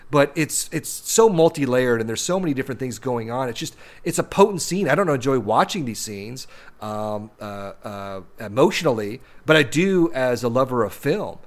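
A man's voice: mid-range voice, animated, normal speed. A man co-hosting a casual film discussion, talking in long rambling runs with many restarts and repeated words. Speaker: podcast co-host discussing films.

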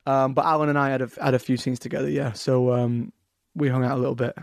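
A man's voice: mid-range voice, flat delivery, fast talker, vocal fry, no room sound. Hesitant English man, dry close sound. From England. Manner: hesitant, lots of fillers and restarts. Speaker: actor guest. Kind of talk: casual podcast interview.

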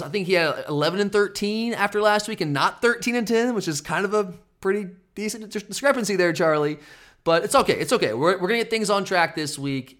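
A man's voice: high-pitched, a bit bright. A man hosting a casual sports betting podcast, teasing his co-host and rambling with frequent restarts.

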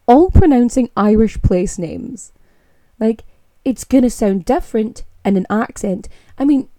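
A woman's voice: on the high side, mellow, no room sound. A young woman with a Scottish accent, hosting a podcast in a casual, opinionated monologue and rolling her R's. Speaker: podcast host.

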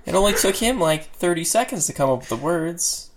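A man's voice: fairly high pitch, fairly quick, noisy background. A man co-hosting a podcast, joking and laughing, reading a story aloud. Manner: joking, laughs a lot, animated. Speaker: podcast co-host.

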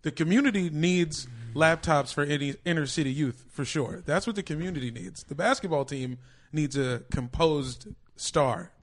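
A man's voice: fairly high pitch, moderate pace. A man co-hosting a podcast in casual sports chat, blunt, profane and joking. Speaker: podcast co-host.

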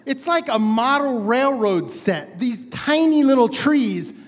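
Excitable male storyteller on a reverberant stage. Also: very high voice, slow pace. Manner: excitable, animated, with frequent chuckles. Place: theater stage. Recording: long reverb of a live stage.

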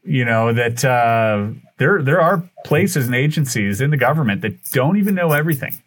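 A man at a mid pitch tells a story on a podcast as a guest, loose and chatty. He keeps the thread running with restarts and fillers and jumps into what each person said. The voice sits near the middle of the male range. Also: moderate pace. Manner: animated, acts out quoted dialogue. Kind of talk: casual storytelling.

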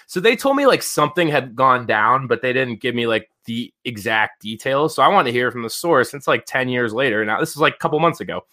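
A man in his thirties hosts a podcast with a bright, forward voice. He tells stories loosely and animatedly. He swears freely and fills his talk with casual fillers. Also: mid-range voice, a little fast, few pauses. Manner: animated, profane, lots of "like" fillers. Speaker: podcast host. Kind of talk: casual storytelling chat.

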